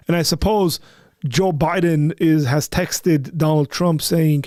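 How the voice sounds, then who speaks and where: Emphatic man with a somewhat high voice. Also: slow pace, a little mellow, no echo, studio quality. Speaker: co-host. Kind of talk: casual live-stream commentary.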